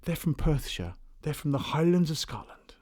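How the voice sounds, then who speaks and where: A man's voice: fairly high pitch, sing-song, normal speed, a little mellow, husky. A man hosting a music podcast on his own, chatting casually between songs in a rambling way, often restarting his sentences. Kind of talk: casual solo chat between tracks.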